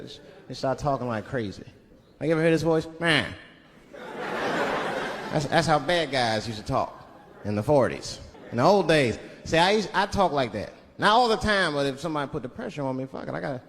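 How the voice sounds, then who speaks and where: A man performing a stand-up set, talking in an animated way and slipping into put-on voices. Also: fairly high pitch. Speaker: stand-up comedian. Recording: live venue with long reverb, loud crowd.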